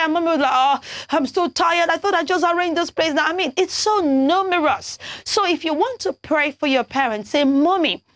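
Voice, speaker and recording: A woman's voice: high voice, dry recording. A young Nigerian woman presenting a children's programme, animatedly coaxing viewers as she teaches English pronunciation and spells words letter by letter.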